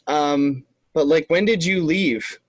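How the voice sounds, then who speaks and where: A man with a notably high voice co-hosts a casual podcast chat, teasing and laughing often. The sound is very dry and close. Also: slow pace, dry recording, low-quality recording. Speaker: podcast co-host.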